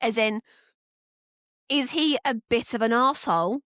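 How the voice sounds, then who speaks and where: A woman with a Northern English accent co-hosting a podcast, chatting casually and thinking aloud with quick restarts. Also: on the high side, a bit bright, no echo, studio quality. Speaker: podcast co-host. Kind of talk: casual chat.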